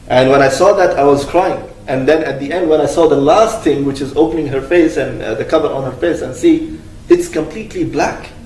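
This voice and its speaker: Male religious storyteller, earnest and halting, mellow tone, recorded from a distance. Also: on the high side, slight background noise. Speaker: religious speaker. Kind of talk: retelling a cautionary religious story. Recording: echoey room, distant mic.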